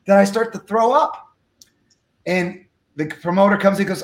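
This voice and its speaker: A man telling a story from his life as an interview guest, acting out the dialogue with lively energy. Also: sits high, normal speed, reverberant. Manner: animated, acts out dialogue. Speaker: guest speaker.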